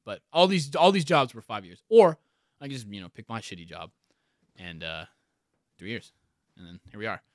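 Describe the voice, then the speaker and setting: A young man casually telling stories as a podcast guest, animated and swearing often. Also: fairly low pitch, moderate pace, long pauses, no room sound, clean studio sound. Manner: swears a lot, animated, laughs through stories. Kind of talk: casual storytelling chat.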